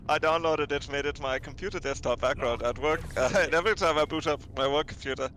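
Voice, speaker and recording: A man's voice: fairly high pitch, fairly bright tone, slight background noise, lightly acted. A man putting on a German accent to play a naive, easily amused German office worker who keeps chuckling. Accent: put-on German. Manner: giggly, halting, chuckles through his story.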